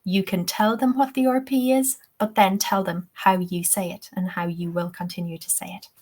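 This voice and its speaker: A woman's voice: mid-range voice, fairly even intonation, normal speed, darkish tone. A young woman with an Irish accent teaching a webinar lesson, explaining step by step and often checking in with "okay?". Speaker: TEFL teacher.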